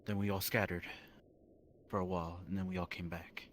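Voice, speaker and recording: A man in character as a witness, recounting events haltingly with many pauses and restarts. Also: deep voice, little pitch movement, slight background noise. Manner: hesitant, halting, full of ums and restarts. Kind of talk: in-character roleplay testimony.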